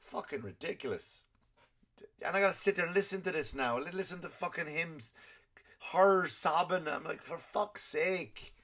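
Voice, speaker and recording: A man's voice: fairly high pitch, moderate pace, fairly bright tone. A man hosting a comedy podcast, ranting and swearing constantly in an exasperated, comic way. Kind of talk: profane comedic rant.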